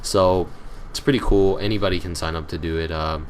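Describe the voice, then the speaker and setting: Teen male channel host, deep voice, loose irritable ramble full of ums and uhs. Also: steady tone, fairly quick, a little hiss or hum. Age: teens. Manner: rambling, hesitant with many fillers; irritable, grumbling. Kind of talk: casual chat to viewers.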